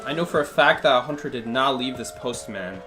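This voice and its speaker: A man's voice: medium pitch, expressive, fairly quick, sharp tone, soft background music. A man thinking aloud through a live gameplay stream, answering chat questions with plenty of fillers and restarts. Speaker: game streamer.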